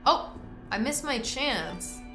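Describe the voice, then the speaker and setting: A young woman giving excitable, reactive commentary while playing a video game, yelling at wins and groaning at losses. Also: fairly high pitch, slow pace, roomy sound, faint music behind. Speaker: gaming video creator.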